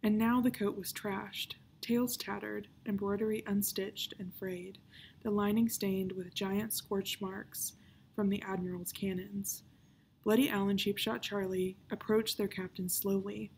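A woman, a children's librarian, reading a novel aloud in a calm, even storytelling voice. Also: medium pitch, measured pace, vocal fry, a little hiss or hum.

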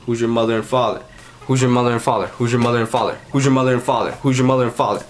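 A man's voice: mid-range voice, fairly even intonation, racing, a little hiss or hum. A young adult man hosting a comedy vlog, ranting in a profane, rambling way and repeating his lines over and over. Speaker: vlog host. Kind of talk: comedy rant to camera.

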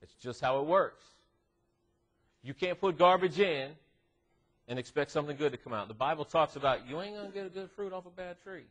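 Husky guy doing a youth devo at church, jokey and teasing, voice jumping all over the place, kinda far from the mic. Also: a little high, a little fast. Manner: animated, joking and teasing with teens. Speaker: youth minister. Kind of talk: youth devotional talk. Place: church classroom.

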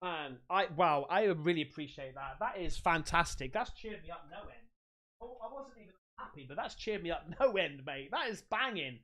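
Excitable man hosting a livestream. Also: on the high side, normal speed, hardly any pauses. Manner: excitable, slangy, swearing, laughs a lot. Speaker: livestream host. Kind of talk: casual live-stream chat.

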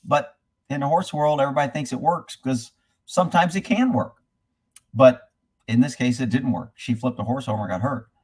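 A man hosts a casual live stream answering horse questions, ranting bluntly and swearing freely, then reading viewer comments aloud between rants. His mid-range voice is husky and a little mellow, at a moderate pace.

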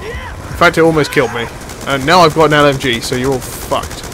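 A young man giving live commentary while playing a shooter, excitable and jokey, swearing and yelping when he gets hit. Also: medium pitch, a little fast, music in the background. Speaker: gaming channel host.

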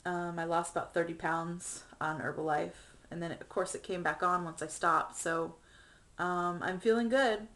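A woman's voice: on the low side, steady tone, normal speed, a bit bright. A young woman talking through a personal video diary in a chatty, earnest way with many ums, getting emotional. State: emotional, near tears. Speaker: vlogger.

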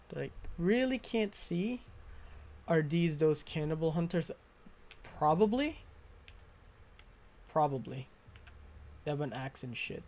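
A man's voice: a little high, a little mellow, a little hiss or hum. A man giving live commentary while playing a video game, swearing and venting frustration at enemies into a close desk mic. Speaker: gaming streamer.

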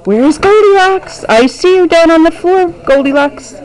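A woman's voice: very high voice, expressive, normal speed, a little mellow, faint music behind, low-quality recording. A woman teacher guiding young children through acting out a story, with encouraging, sing-song prompting in a classroom. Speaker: preschool teacher.

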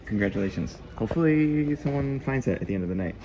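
A man on tour as a bassist, chatting straight to the camera in a casual travel vlog and poking fun at himself. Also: animated, fast talker, mellow, dull audio, slight background noise. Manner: chatty, self-mocking, talks straight to camera. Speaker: touring bassist.

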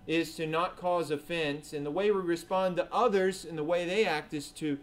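A man preaching a sermon as pastor at a church service, earnest and swinging between emphatic and hushed delivery. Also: a little high, fairly even intonation, moderate pace.

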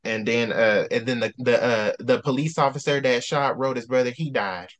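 Animated man ranting about a book. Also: mid-range voice, moderate pace. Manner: animated, ranting, preacherly outbursts. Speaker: book discussion host. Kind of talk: casual book chat.

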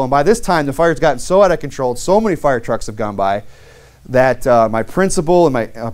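A man's voice: fairly high pitch, darkish tone. A man preaching a sermon through a long personal story, loose and conversational, with many fillers, restarts and wry self-mocking humor.

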